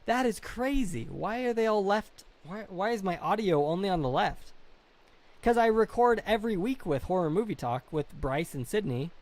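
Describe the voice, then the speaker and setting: A man's voice: high-pitched, expressive, moderate pace, darkish tone. A young man live-streaming and chatting casually, reading comments, rambling and apologizing a lot at his own expense. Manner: self-deprecating, rambling, apologetic.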